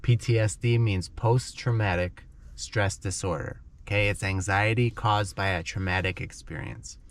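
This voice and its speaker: A man's voice: lowish voice, fairly even intonation, moderate pace. A man teaching English to learners by telling a dramatic story in simple words, often checking in with "okay?".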